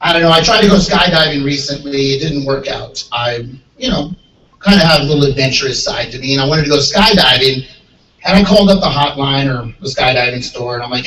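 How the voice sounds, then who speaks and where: A man performing a stand-up comedy set, telling stories and jumping into high voices for the people he quotes. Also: fairly quick. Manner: animated storyteller, jumps into high voices for quoted characters. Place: gun store event space. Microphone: handheld microphone. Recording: echoey room, mic heard from a distance, faint hiss.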